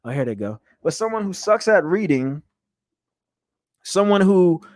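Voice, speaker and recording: A man's voice: high-pitched, unhurried, no room sound, studio quality. A young man hosting a motivational podcast, talking earnestly and laughing often, with frequent restarts. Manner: earnest, animated, laughs often, repeats words. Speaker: podcast host. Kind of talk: motivational solo podcast talk.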